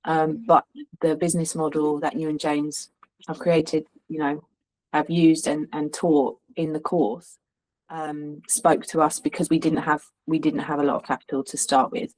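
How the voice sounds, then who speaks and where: A woman's voice: sits low, little pitch movement, moderate pace, a little mellow, rough recording. A woman from the London suburbs with a slight Cockney accent, chatting as an interview guest, rambling with frequent ums and restarts. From suburbs of London, England. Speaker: guest, Airbnb host and hairstylist. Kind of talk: casual interview chat.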